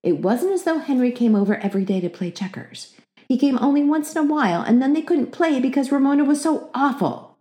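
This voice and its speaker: A woman narrating a children's book aloud with expressive storytelling. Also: high-pitched, brisk. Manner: expressive storytelling with acted character voices.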